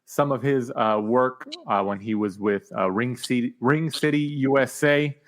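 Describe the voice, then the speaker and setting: Guy hosting a pod, mid pitch, chatty and jokey, lots of uhs. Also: measured pace. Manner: upbeat, joking, filler-heavy. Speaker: podcast host. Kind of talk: casual podcast hosting.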